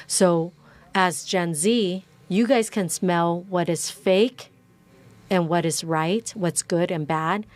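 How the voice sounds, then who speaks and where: A city councilwoman talking as a podcast guest in a casual interview, animated and quick, with many fillers. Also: lowish voice.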